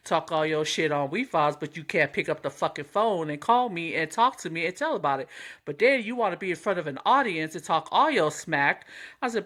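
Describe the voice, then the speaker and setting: A man's voice: on the high side, fairly quick, fairly bright tone. A man co-hosting a podcast in casual chat, blunt and profane but also reflective. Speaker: podcast co-host.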